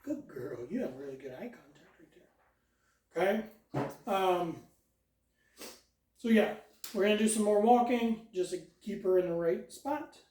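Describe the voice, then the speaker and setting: Calm, slow dog trainer heard from afar. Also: medium pitch. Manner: calm instructions mixed with short praise and commands to a dog. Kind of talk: hands-on dog training lesson. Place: walking a dog during training. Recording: roomy sound, mic far off.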